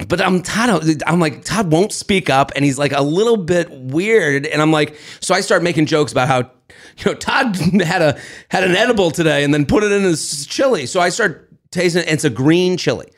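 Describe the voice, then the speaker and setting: A young man co-hosting a podcast, telling a story in lively casual chat and acting out the voices of people in it. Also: a little high, normal speed. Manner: animated, acts out voices, swears and laughs. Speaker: podcast co-host.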